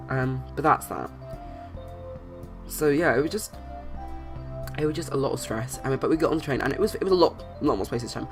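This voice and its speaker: A young adult telling a long story in a casual voice-over, rambling with many restarts and fillers. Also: mid-range voice. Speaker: channel host. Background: faint background music.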